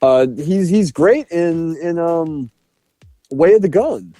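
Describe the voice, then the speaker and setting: A man's voice: a little high, expressive, slow, mellow, no echo, soft background music. A man co-hosting a podcast, reviewing a film in casual chat, laughing often and swearing enthusiastically. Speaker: podcast co-host.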